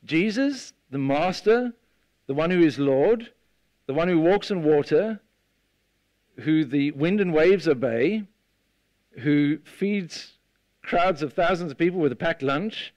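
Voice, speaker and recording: A man preaching a sermon, retelling a scene with lively storytelling and acting out the voices of the people in it. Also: a little high, slow pace, long pauses, dry recording. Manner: animated storytelling, acts out the disciples' voices.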